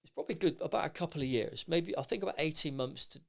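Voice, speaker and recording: A middle-aged man, a podcast guest, telling stories in a lively, rambling way with many restarts. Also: on the high side, fast talker, creaky. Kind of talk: anecdotal storytelling in casual chat.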